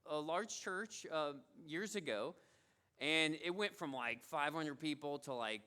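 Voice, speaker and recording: A man's voice: fairly high pitch, a little slow, pushed and bright, clear, resonant tone. A male pastor giving a sermon in a conversational storytelling way, repeating his key phrases for emphasis.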